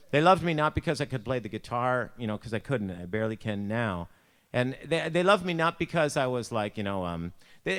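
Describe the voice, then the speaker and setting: A man leading a church devotion, telling a personal story in a chatty, self-deprecating way full of "like" and "you know". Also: medium pitch.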